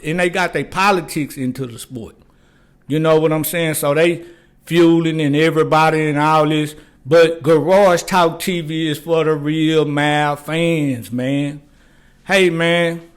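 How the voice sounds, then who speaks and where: An older man hosting a casual sports talk show, rambling loosely in slang and repeating "man" and "you know what I'm saying.". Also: on the high side. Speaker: podcast host. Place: garage.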